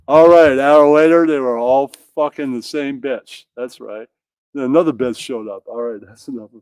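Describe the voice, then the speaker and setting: A man reading out a crude comedy bit, profane and deadpan, tagging his jokes. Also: medium pitch, normal speed, smooth, no echo. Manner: profane, deadpan, tags jokes with "that's right". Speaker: comedy reader.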